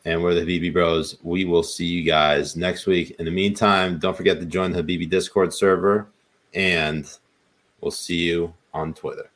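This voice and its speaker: A man's voice: sits low, flat delivery, moderate pace, a bit bright. A man co-hosting a podcast, chatting casually and laid-back with plenty of ums. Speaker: podcast co-host. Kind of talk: casual chat.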